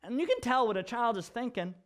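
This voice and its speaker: A young adult man, a pastor, telling stories in an animated sermon that moves from hushed to loud. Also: extremely high pitch, fast talker. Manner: animated storyteller, swings from hushed to loud and laughing. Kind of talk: storytelling sermon.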